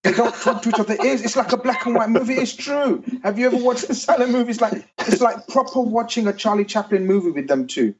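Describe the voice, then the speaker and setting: A man talking football in a casual, animated chat, swearing and ranting. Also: extremely high pitch, fast, hardly any pauses, dull audio. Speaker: football podcast panelist.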